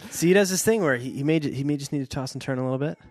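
A man co-hosting a casual podcast, chatting in a wry, easygoing way. His voice sits at a middle pitch. The recording is close and dry. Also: racing, darkish tone, dry recording. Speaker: podcast co-host.

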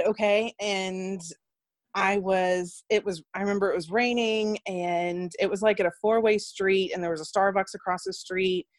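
A woman who works as a nurse appears as a guest, telling a personal story in casual conversation and acting out the voices of people she quotes in an animated way. Her voice is mid-range, with no echo.

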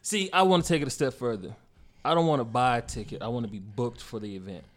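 Animated joking man on a podcast. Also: mid-range voice, quick pace. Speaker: podcast co-host. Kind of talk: casual chat.

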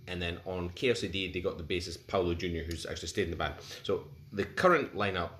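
A man's voice: deep voice, fast, fairly bright tone. A man in his forties co-hosting a casual music podcast, rambling and hesitant with lots of fillers and restarts. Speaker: podcast co-host. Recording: roomy recording with faint background hiss.

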